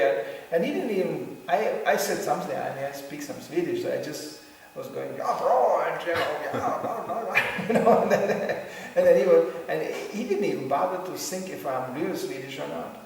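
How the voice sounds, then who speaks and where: Man, playful storyteller, slightly high voice, recorded far off in an echoey hall. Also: darkish tone, slight background noise. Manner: storytelling with laughs and acted quotes. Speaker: speaker giving a talk. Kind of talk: humorous spiritual talk.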